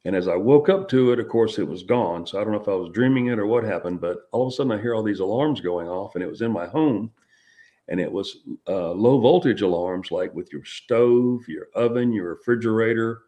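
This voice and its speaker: A middle-aged man, telling a personal experience as an interview guest in a halting, rambling way full of restarts. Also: lowish voice, dark tone, lo-fi sound.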